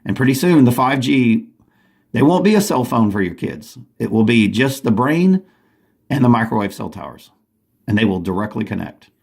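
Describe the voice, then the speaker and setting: A man's voice: medium pitch, animated, moderate pace, gravelly, a little mellow, slightly rough. A man delivering an urgent, agitated monologue from home, often restarting his sentences. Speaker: vlogger. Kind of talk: rambling monologue to camera.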